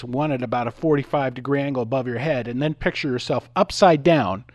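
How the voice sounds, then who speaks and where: A middle-aged male radio host tells stories in a lively, sing-song voice that sits a little high for a man. The studio sound is dry, with faint music underneath. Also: no echo. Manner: animated, acts out voices in anecdotes. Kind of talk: talk radio monologue with storytelling.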